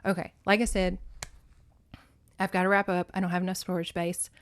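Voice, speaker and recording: Animated woman recapping a book. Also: on the low side, brisk. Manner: animated and emotional, swings between loud and soft; laughs and curses freely. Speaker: podcast host. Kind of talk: casual book recap monologue. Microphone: phone.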